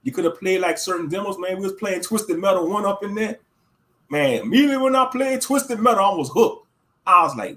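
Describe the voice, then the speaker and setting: Brief: male streamer, heated and slangy, high-pitched with a lively, swooping delivery. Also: fairly quick. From Louisiana, USA. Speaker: livestream host. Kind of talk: casual ranting commentary.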